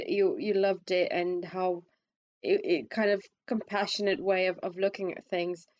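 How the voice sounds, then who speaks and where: A woman with a squeaky voice giving her take on a film in casual chat, hesitant, with many restarts, her pitch climbing when she stresses a point. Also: dry recording, dull audio. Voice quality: self-described squeaky voice.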